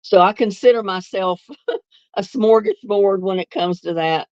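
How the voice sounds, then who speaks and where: An older North Carolina woman, her Southern accent tinged with some Northern, hosts a livestream where she reminisces and reads viewer comments, laughing easily. Her medium-pitched voice is a little slow and darkish, captured lo-fi with no echo.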